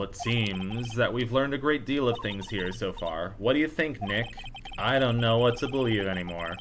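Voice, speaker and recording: This let's play host has a lowish voice and lively intonation, and there's music in the background. He reads a courtroom game's dialogue with voiced characters, riffing and punning between lines and adding quick asides.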